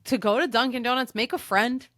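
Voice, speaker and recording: Bright, teasing woman co-host. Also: fairly high pitch, steady tone, no room sound, studio quality. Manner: quick, teasing banter. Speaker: podcast co-host. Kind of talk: casual comedy chat.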